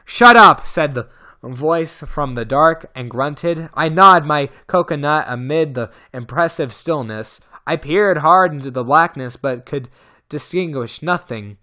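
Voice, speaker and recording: A man narrating a novel in an amateur audiobook reading. His voice sits somewhat high and sounds bright and tense. He often trips over a word and starts it again. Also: measured pace. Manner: stumbles and restarts words. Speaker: audiobook reader.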